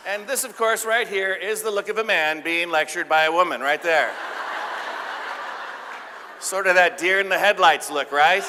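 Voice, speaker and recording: A man giving a live keynote talk, playful and joking, getting the audience to shout out answers. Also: sits high, normal speed, long pauses, background noise. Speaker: keynote speaker. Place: large event hall with audience. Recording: live hall with reverb.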